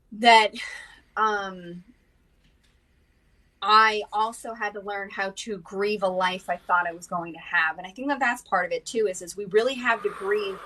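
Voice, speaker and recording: A woman's voice: mid-range voice, pushed and bright, recorded from a distance, poor audio. A woman speaking bluntly and emotionally in a candid personal conversation, often restarting and swearing.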